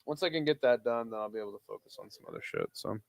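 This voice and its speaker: A man's voice: fairly low pitch, wildly swooping pitch, very fast, gravelly, dry recording. A tired young man hosting a live watch-along stream, calling the action casually and swearing freely between plays. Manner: laid-back, swears freely, drifts between play-calling and chat.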